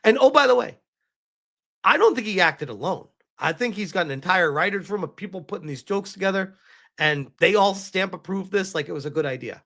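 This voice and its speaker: A man's voice: high voice, animated, fairly quick, creaky, fairly bright tone. A man commenting live on a stream, emotional and rambling, often restarting his sentences.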